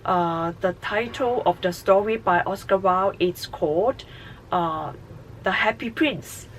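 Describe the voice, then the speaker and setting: Slow, halting woman reviewing a tarot deck. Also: medium pitch, a little hiss or hum, rough recording. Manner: halting, many fillers. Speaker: tarot channel host.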